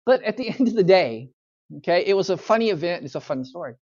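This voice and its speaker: A man's voice: sits high, lively intonation, fast talker, a little mellow. A man, a pastor teaching a church Bible study in a folksy, conversational storytelling manner. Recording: dull lo-fi church recording.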